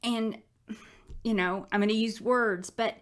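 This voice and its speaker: A woman's voice: on the high side, steady tone, measured pace. Heartfelt woman sharing her faith. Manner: candid, heartfelt, conversational. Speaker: Christian speaker sharing her prayer life. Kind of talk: personal faith testimony.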